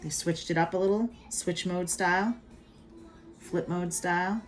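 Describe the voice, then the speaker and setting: Soft background music plays as a middle-aged woman with a lowish, steady voice teaches math from home at a measured pace. Her casual video lesson is chatty and playful, walking through each step with hype catchphrases.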